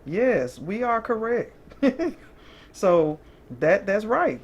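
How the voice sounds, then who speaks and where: Chatty woman doing a casual tarot reading to camera in an ordinary, mid-pitched voice. she keeps asking "okay?" to check her listeners are with her. she laughs easily, and a faint hum sits behind her. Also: sing-song, extremely slow, muffled recording. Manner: breaks into short laughs. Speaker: tarot reader.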